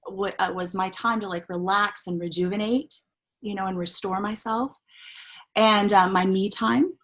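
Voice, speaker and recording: Husky-voiced woman telling a lively story. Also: mid-range voice, normal speed, rough recording. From Southern California. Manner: animated, laughs often, acts out quotes. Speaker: guest, life coach. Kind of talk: casual storytelling.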